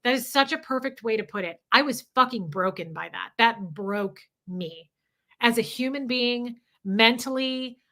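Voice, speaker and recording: A woman's voice: fairly high pitch, a little slow, pushed and bright. A woman hosting a livestream, talking candidly and emotionally, swearing freely as she reads viewer comments. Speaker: livestream host.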